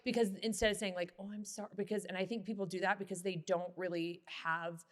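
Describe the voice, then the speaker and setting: A woman hosting a podcast, speaking in casual conversation in a reflective, soft and earnest way. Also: mid-range voice, flat delivery, quick pace. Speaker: podcast host.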